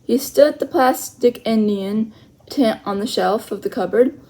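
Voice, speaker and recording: A woman reading a children's chapter book aloud, slowly and carefully, with small self-corrections. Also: fairly high pitch, mellow. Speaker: storyteller.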